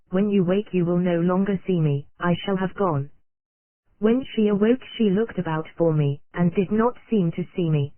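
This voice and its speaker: An audiobook narrator reads an old psychology text in a steady, even, measured delivery. The sound is squeezed into a narrow, phone-like band. The recording is dry and close, with no room echo. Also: mid-range voice.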